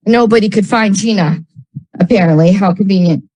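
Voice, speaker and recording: A woman's voice: mid-range voice, brisk, warm tone, rough recording. A woman in casual storytelling, rambling with lots of filler words and blunt, frequent swearing. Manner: rambling, heavy use of "like" fillers.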